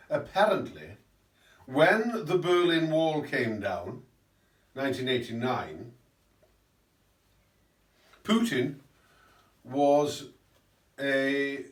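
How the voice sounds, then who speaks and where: A man's voice: mid-range voice, big pitch swings, very slow, long pauses, a bit bright. A man giving a rambling satirical political monologue, full of tag questions. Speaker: host. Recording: roomy, mic at a distance.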